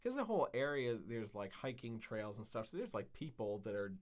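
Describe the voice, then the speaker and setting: A podcast co-host with a fairly low voice speaks briskly and very animatedly. He casually tells a long, rambling story packed with fillers and swearing.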